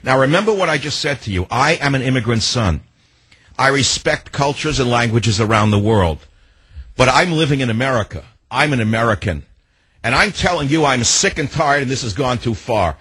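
A man's voice: medium pitch, animated, normal speed, a bit bright, husky, no echo. An older man hosting a call-in radio talk show, ranting indignantly and firing off emphatic rhetorical questions.

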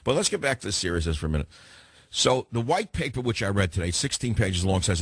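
A man with a New York accent hosting a talk radio show, delivering a fast, combative opinion monologue with lots of repetition. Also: lowish voice, very animated, breathy edge, no echo.

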